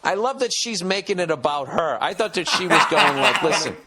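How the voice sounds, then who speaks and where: A man's voice: a little high, animated, brisk, heavy background noise. A man hosting a podcast, reading a listener's email aloud and picking it apart in a wry, profane way. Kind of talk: casual podcast chat.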